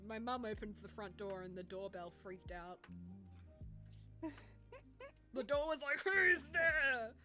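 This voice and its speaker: A woman's voice: medium pitch, lively intonation, a little slow, pauses often, over music. A woman streamer chatting casually with friends while drawing, laughing often, teasing and swearing.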